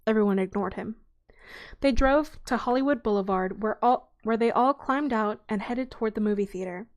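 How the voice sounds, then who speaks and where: Woman reading a children's novel aloud. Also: fairly high pitch. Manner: relaxed, unhurried reading with small slips.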